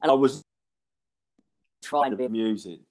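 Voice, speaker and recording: A stand-up comedian and podcast host, an adult with young kids, tells a story in casual chat with a mid-range, darkish voice at normal speed. He rambles, short of breath and coughing, restarting often and giggling.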